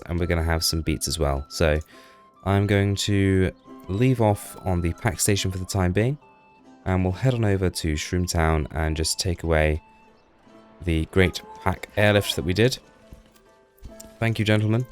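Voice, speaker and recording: A deep-voiced man gives casual commentary over his own gameplay, chatty and self-deprecating. He talks to the little people on screen as he goes, with faint music underneath.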